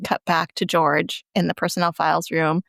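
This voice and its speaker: A woman's voice: low voice, level tone, normal speed, gravelly, fairly bright tone, dry recording, clean studio sound. A woman casually recapping a TV episode on a podcast, chatty and often laughing as she acts out the lines. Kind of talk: casual chat, recapping a show.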